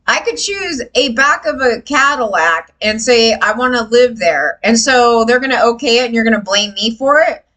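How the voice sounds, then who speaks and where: A woman vlogger ranting casually to camera, frustrated and animated, swearing freely and mimicking others. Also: a little high, moderate pace, few pauses, low-quality recording.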